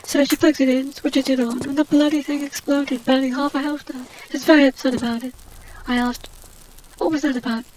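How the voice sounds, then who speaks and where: Woman putting on a snooty adventurer lady, high voice, rambling bitter gossip over a game. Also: fairly even intonation, a little fast, darkish tone, a little hiss or hum, lightly acted, low-quality recording. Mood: indignant. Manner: snobbish, rambling, indignant gossip. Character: haughty posh English adventurer heroine, out of work and bitter. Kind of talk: comedic gameplay commentary.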